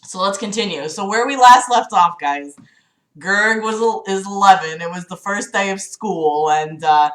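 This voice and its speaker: Speaking at medium pitch and a moderate pace with a fairly bright tone, a young woman streams casually from a room at home that echoes. She has a slight cough, swears freely, chats, and reads aloud from a friend's book, sounding giggly, fretful, profane and talkative.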